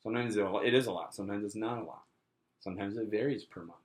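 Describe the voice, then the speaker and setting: A man's voice: fairly low pitch, fast talker. A young adult man giving a casual sales training talk, chatty and full of fillers, acting out little customer dialogues.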